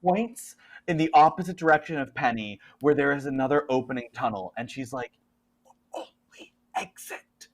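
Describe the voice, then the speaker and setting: A game master narrating a tabletop horror game, halting and restarting often as the scene is described. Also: medium pitch. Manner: halting, with many fillers and restarts.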